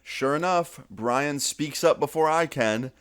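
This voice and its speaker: A young man telling a story on his vlog in a casual, animated way, swearing freely and raising his voice to act out what others said. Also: a little high, unhurried, clean tone, dry recording, studio quality. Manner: animated, swearing, acts out quotes in raised voice. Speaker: vlogger telling a story time.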